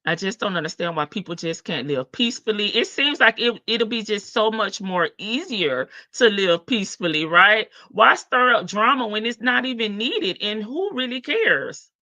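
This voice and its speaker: A woman's voice: medium pitch, lively intonation, moderate pace, few pauses, sharp tone, no room sound. Chatty woman livestreaming. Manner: chatty, reads comments aloud, laughs often. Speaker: livestream host reading chat. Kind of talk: casual livestream commentary.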